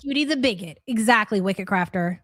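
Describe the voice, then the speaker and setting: A woman's voice: mid-range voice, expressive, a little fast, fairly bright tone. A woman hosting a live reaction stream, blunt and sarcastic, swearing freely.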